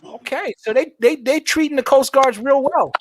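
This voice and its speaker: A man with a New York accent runs a call-in livestream show. His voice sits high, and he teases his guests while stammering through restarts. A faint hiss runs under the recording. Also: moderate pace. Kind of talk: casual call-in chat.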